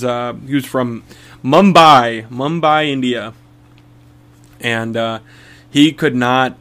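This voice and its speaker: A man's voice: medium pitch, fairly bright tone. A young man co-hosting a casual podcast, rambling through stories, swearing freely and laughing often. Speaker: podcast co-host.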